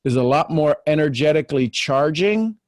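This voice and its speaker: A man's voice: on the high side, lively intonation, moderate pace, no room sound. Earnest man reading a devotional. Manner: earnest, preacherly reading aloud. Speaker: podcast host. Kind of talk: spiritual talk and devotional reading.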